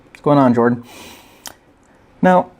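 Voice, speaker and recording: A male podcast host talks at an unhurried, slow pace in a casual monologue. His voice sits at a medium pitch, and his delivery is wry and joking. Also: a little mellow.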